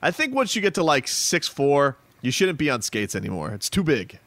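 A man hosting a sports radio show, talking in loose, animated, joking banter. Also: fairly high pitch, moderate pace, no echo.

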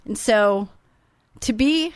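A woman's voice: a little high, animated, slow, clear, resonant tone, dry recording. A middle-aged woman hosting a faith-based radio talk show, speaking in a heartfelt, sentimental way. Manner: heartfelt, sentimental, openly emotional.

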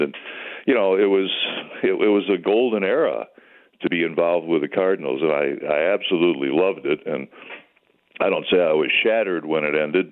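An older man with a strikingly deep, low voice talks in an easygoing, rambling way, like a veteran sportscaster swapping stories. He comes through a thin, phone-like line. He is a guest calling in to a radio show. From United States.

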